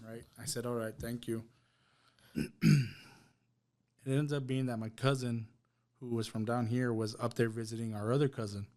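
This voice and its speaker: A man telling a personal testimony on a podcast, halting and repeating words as he recounts what happened. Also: mid-range voice, flat delivery, darkish tone. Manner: halting, repeats words, quotes others in plain voice. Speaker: guest sharing a personal testimony. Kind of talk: emotional personal storytelling. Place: podcast studio.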